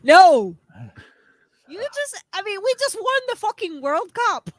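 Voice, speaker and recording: A woman's voice: very high voice, big pitch swings, slow, no echo. A woman from Argentina, a guest writer chatting casually with stammered restarts. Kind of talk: casual chat.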